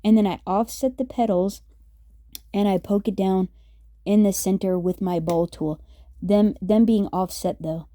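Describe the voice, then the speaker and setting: A woman's voice: mid-range voice, steady tone, measured pace, mellow, no room sound. A woman hosting a casual craft tutorial, chatty and upbeat with many fillers as she works. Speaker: craft video host.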